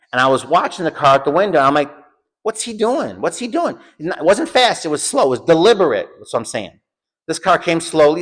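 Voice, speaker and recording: American male teacher, mid-range voice, animated storyteller who performs the quotes. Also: medium pitch. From United States. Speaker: home school teacher. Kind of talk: lecture with personal story.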